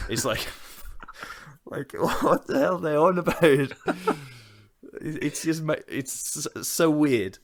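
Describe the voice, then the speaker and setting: A man's voice: fairly high pitch, lively intonation, slow, vocal fry. A man co-hosting a podcast, chatting casually, rambling with lots of fillers and frequent laughs. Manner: laughs often, loose rambling with many fillers. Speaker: podcast co-host. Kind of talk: casual chat.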